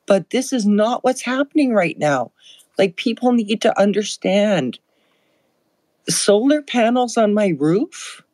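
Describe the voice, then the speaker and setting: An older woman from Alberta calling in to a talk show, speaking slowly and emphatically, audibly upset. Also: medium pitch, mellow, dry recording, poor audio. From Alberta, Canada. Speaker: caller. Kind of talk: emotional call-in comment.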